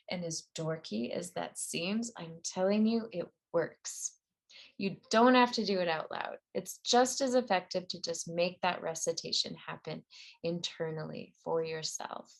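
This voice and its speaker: Low-voiced woman teaching a meditation class. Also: a little slow, vocal fry. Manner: earnest, conversational, with fillers and self-corrections. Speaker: meditation and ski performance teacher. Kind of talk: guided class talk.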